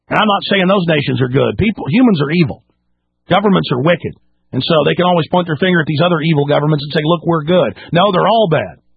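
A man hosting a talk radio show, delivering an angry, impassioned monologue with sudden leaps and drops in pitch. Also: quick pace, creaky, husky, no echo. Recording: dry, phone-like narrow band.

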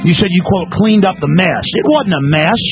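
A man's voice: high voice, moderate pace, highs cut off, music in the background. A man hosting a talk radio show, delivering an emphatic, ranting monologue to a caller.

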